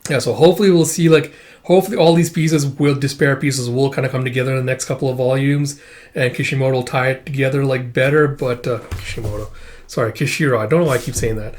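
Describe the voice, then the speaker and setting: A man's voice: mid-range voice, fairly even intonation, fast, darkish tone. Man, channel host, casual rambling review, lots of fillers, frank opinions, mid-range voice. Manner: rambling, heavy use of "like" and "you know" fillers; opinionated, candid critique.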